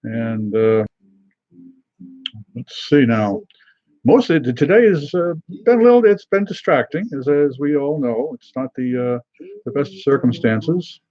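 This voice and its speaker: A middle-aged man hosting a live beer tasting stream, chatting casually with many pauses and fillers and greeting viewers by name. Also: mid-range voice, sing-song, warm tone, dry recording, lo-fi sound.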